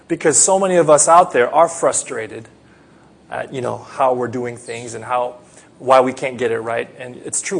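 Man preacher, husky, earnest sermon delivery, mid-pitched. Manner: earnest, rises to loud pleading prayer then drops soft.

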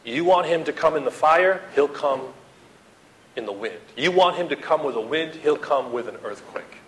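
Male pastor, somewhat high voice, dramatic sermon delivery with big dynamic swings. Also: animated, moderate pace, a little hiss or hum, poor audio. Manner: dramatic, swings from loud to hushed, acts out quotes.

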